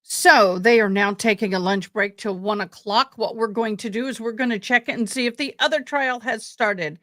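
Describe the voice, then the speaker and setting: A woman's voice: fairly high pitch, moderate pace, a bit bright, no room sound, studio quality. A woman hosting a livestream, talking casually and informally to her viewers. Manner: chatty, informal. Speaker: livestream host.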